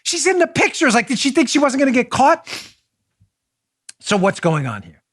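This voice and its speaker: A man hosting a political talk show, delivering animated, mocking commentary with big swings in his voice. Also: extremely high pitch, moderate pace, no echo, clean studio sound. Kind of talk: opinionated commentary.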